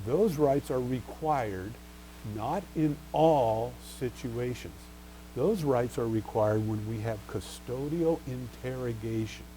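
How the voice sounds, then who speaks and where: A man's voice: medium pitch, slow pace, warm tone, slight background noise, rough recording. A man teaching a recorded bar exam review lecture, asking rhetorical questions and answering them himself while stressing key terms. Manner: stresses key terms and spells out case names.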